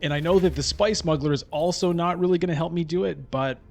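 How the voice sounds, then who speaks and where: A man's voice: fairly high pitch, fast talker, vocal fry, darkish tone, highs cut off, faint music behind. A man thinking aloud while giving casual gameplay commentary on a digital board game. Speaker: gameplay streamer.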